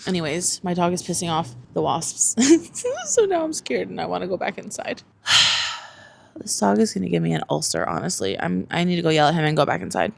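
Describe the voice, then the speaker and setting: A woman in her thirties talks loosely to the camera as she goes about her day at home. Her voice sits a little low. She rambles, curses offhandedly and slips into baby talk with her dog. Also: wildly swooping pitch, moderate pace, vocal fry, slight background noise. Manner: chatty and rambling, swears, coos at her dog. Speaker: vlogger. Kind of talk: casual day-in-the-life vlog. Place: home, indoors and in the yard.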